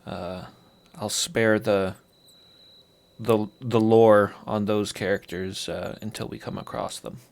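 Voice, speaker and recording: A man's voice: on the low side, fairly even intonation, slow, creaky, a little mellow. A man casually commenting on a game he is playing live, joking as he reads along. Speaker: streamer.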